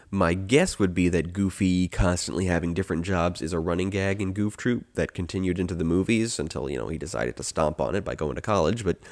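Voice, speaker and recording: A man with a deep, low voice talks through an animated movie's plot for his podcast. He is wry and digressive, often stopping on an "uh" before going on. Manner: wry, digressive, with frequent filler uhs. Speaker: podcast host. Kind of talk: casual scripted recap.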